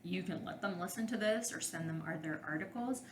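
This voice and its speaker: A woman's voice: on the low side, brisk, reverberant, noisy background. A woman, a couples therapist and podcast host, giving frank, direct advice in a solo monologue.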